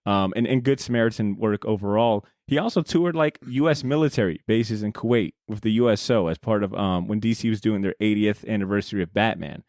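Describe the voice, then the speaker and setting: A man's voice: lowish voice, fairly quick, hardly any pauses, a little mellow, no echo, studio quality. A young man hosting a comic book podcast, talking casually with profanity, many fillers and frequent laughter. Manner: rambling, profane, laughs often. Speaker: podcast host. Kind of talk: casual chat. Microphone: studio podcast mic.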